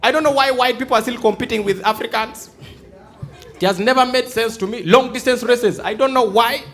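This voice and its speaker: High-voiced Ugandan man doing stand-up. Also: a little fast. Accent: Ugandan English. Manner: animated, acts out dialogues in shifting voices. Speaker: stand-up comedian. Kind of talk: live stand-up comedy. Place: large theatre stage before a live audience.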